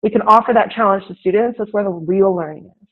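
A teacher, a woman, talks through her classroom experiences as an interview guest. She is animated and slips into the voices of her students as she tells a story. Her voice comes through a tinny, narrow line that sounds like a phone call. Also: mid-range voice, fast talker. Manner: animated, acts out classroom dialogue.

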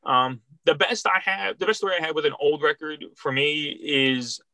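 A man's voice: a little high, moderate pace, pushed and bright, no room sound. A middle-aged man from Philadelphia, a record store worker, tells stories in a rambling, heartfelt way with many restarts. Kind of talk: casual interview storytelling.

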